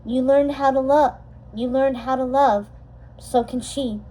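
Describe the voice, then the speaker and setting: A woman reading a storybook aloud, voicing a warm, kind fairy godmother who speaks gently and reassuringly. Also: high-pitched, fairly even intonation, a little slow, rough recording. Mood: gentle.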